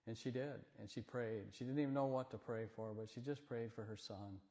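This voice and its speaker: A man of average pitch talking to a congregation in a folksy, rambling way, with homespun anecdotes and light jokes. His voice carries a long reverb through the church hall. He sounds like a plain-spoken visiting speaker rather than a trained preacher. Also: fairly even intonation, fairly quick. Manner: rambling, homespun, gently joking. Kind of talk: folksy storytelling talk in church. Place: church sanctuary.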